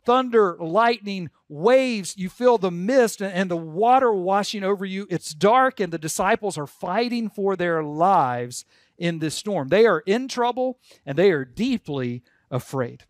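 A man's voice: high voice, animated, a little slow, dry recording, studio quality. A man preaching a sermon as pastor, earnest and leading the congregation to repeat words aloud. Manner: earnest, leads congregation in call-and-response.

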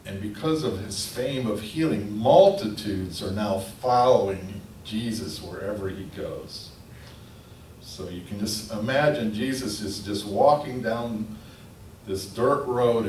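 A man preaching a sermon, telling the story in a lively storytelling manner. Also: lowish voice, unhurried. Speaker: pastor. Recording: echoey room from a distance, faint noise.

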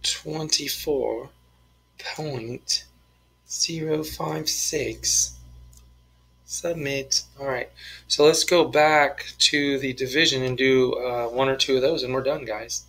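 A man's voice: medium pitch, pushed and bright, poor audio. A man teaching a math lesson, talking through each step of the problems in a playful, joking way. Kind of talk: screen-recorded math lesson, working problems aloud.

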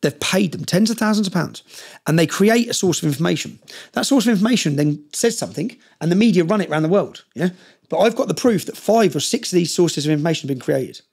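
A man's voice: high-pitched, expressive, fast, vocal fry, a little mellow, slightly rough. A middle-aged man, a podcast guest, telling his story intensely and often checking in with "yeah?". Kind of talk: storytelling in conversation.

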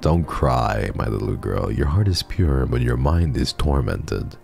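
Man voicing gentle ghost aunt, slow, soothing, very low, rough. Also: animated, faint music behind, exaggerated voice. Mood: tender.

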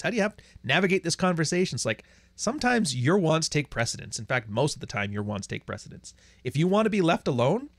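A man's voice: mid-range voice, fairly bright tone, no room sound. A man hosting a livestream who rants bluntly and crudely and reads out viewer chats. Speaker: livestream host. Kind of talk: profane livestream rant.

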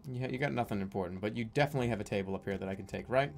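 A man's voice: on the low side, very fast, vocal fry, a little hiss or hum. A young man giving casual, jokey commentary while playing a video game, easily exasperated. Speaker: streamer. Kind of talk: let's-play commentary.

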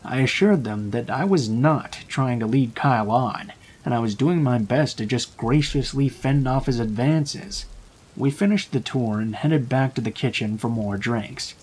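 A man's voice: medium pitch, unhurried, a little mellow, slightly rough. Man narrating horror stories over rain. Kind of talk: scripted horror story narration.

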